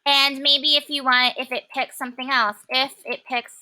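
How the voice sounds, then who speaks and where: A woman teaching a programming lesson, talking casually and thinking aloud with many pauses and fillers. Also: high voice, flat delivery, pushed and bright. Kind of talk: classroom coding lesson.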